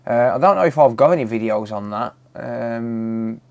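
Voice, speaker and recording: A man in his thirties hosting a live repair stream, chatting casually as he welcomes viewers one by one. His pitch sits in an ordinary middle range. He calls people "mate" and "buddy", often with light hesitations and fillers. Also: moderate pace, creaky. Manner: greets chat viewers by name, says "mate" often.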